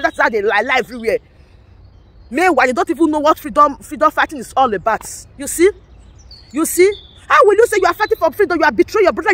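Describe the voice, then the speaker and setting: A Nigerian-accented woman with a high voice delivers a fired-up vlog rant. She scolds over and over and drops into Pidgin between English phrases. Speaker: political commentator.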